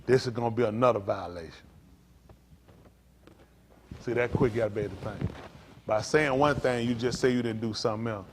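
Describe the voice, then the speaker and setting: Folksy preacher man, loud bursts. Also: medium pitch, fairly quick, long pauses, background noise. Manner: folksy, rambling storytelling with sudden loud emphasis. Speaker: pastor. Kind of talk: preaching to a congregation.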